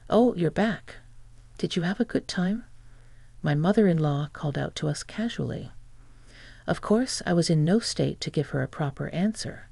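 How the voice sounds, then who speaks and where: A steady, scripted narration of a first-person story, told by a narrator who reads the quoted lines in the same even voice. The tone sits on the dark side, with a gravelly, husky edge, and the room gives back no echo at all. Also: medium pitch.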